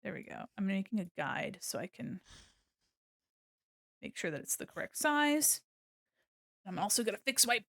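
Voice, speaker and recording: A woman's voice: mid-range voice, big pitch swings, moderate pace, gravelly, pauses often, a bit bright, no echo, clean studio sound. A woman streaming as an illustrator, chatting casually while she draws, bubbly and giggly, rambling with many fillers. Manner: bubbly and giggly, with gushing greetings. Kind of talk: casual livestream chat while drawing.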